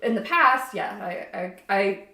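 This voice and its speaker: A woman's voice: medium pitch, lively intonation, a little slow, bright, forceful tone, roomy sound, a little hiss or hum. A woman, the host's sister, chatting casually in a home kitchen. She rambles and laughs often. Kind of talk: casual chat.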